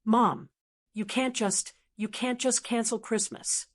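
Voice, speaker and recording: A man's voice: very high voice, steady tone, slow, a bit bright, exaggerated voice. A woman voicing a panicky, self-centred grown son who sputters and stammers. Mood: panicked.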